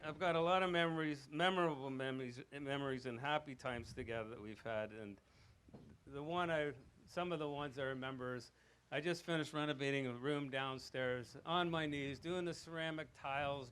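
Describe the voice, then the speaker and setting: A man giving a rambling father-of-the-bride wedding speech, telling anecdotes with chuckles and getting loud and animated. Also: on the high side, clean tone. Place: wedding reception.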